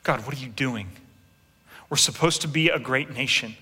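A man in his thirties preaching a sermon with animated storytelling, acting out quotes and making asides to his congregation. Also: mid-range voice, normal speed, slightly rough. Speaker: pastor. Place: large church hall. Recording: long reverb in a big hall.

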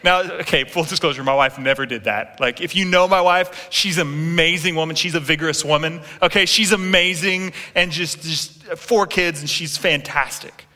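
A man preaching in a large church hall, his voice carrying a long reverb. He tells the story with energy, slips into quoted voices and turns to the congregation with asides. His tone is bright and a little high. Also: moderate pace, hardly any pauses. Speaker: pastor. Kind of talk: sermon.

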